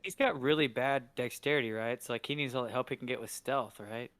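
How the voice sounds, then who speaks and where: A man's voice: mid-range voice, a little fast, a bit bright, dry recording. Guy playing tabletop game, jokey, asks rules stuff, mid voice, dry close sound. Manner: joking, asking rules questions. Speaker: player. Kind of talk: casual tabletop game chat.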